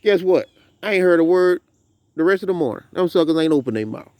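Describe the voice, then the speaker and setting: Southern man in his thirties, lively preachy farm vlogger, higher-pitched, dry close sound. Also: fast talker, no room sound. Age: 30s. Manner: animated, preachy storytelling. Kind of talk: casual outdoor vlog. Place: outdoors on a farm.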